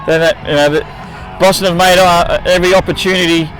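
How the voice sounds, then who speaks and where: A man giving color commentary on a match outdoors, analytical and halting, often restarting his sentences. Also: sits high, fairly even intonation, fairly bright tone, soft background music, low-quality recording. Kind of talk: sports commentary.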